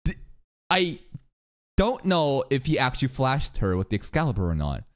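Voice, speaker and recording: A man giving casual, profane reaction commentary on an anime episode, with sudden shouted outbursts. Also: medium pitch, huge pitch swings, moderate pace.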